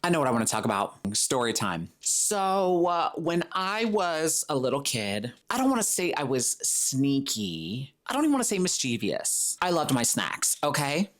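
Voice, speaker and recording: A man's voice: fairly high pitch, sing-song, moderate pace, few pauses, a bit bright. A man talking alone on his podcast, loose and chatty. He keeps it playful and often slips into silly put-on voices to act out other people. The tone stays casual and conversational throughout. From Florida. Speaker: podcast host. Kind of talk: solo podcast monologue.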